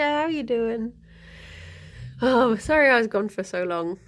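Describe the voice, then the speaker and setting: Giggly high-voiced woman streamer. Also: a little slow, pauses often. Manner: giggly, animated storytelling. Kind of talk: casual chat.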